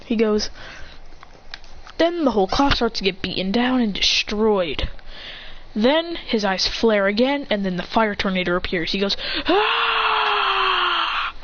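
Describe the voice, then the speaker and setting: A woman excitedly improvising an action story, acting out attacks with shouts. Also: medium pitch, moderate pace. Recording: dull lo-fi with faint hiss.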